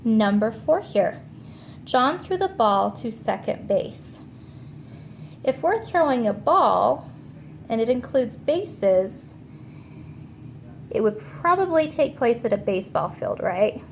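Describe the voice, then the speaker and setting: A woman teacher giving a remote grammar lesson to young children, slow, clear and patient as she explains each step. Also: on the high side, big pitch swings, slight background noise.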